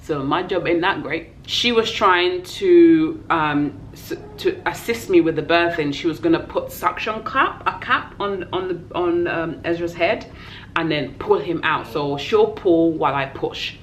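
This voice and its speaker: A woman's voice: on the low side, unhurried, a little hiss or hum, poor audio. A young woman with a London accent, a vlogger telling an emotional personal story in a heartfelt, tearful way. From England. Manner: tearful, heartfelt, acts out voices in her story.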